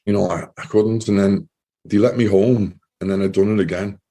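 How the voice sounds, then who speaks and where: Deep-voiced man giving earnest testimony. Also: steady tone, warm tone. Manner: earnest, halting retelling with repeated words. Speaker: guest, former soldier. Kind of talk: personal testimony in an interview.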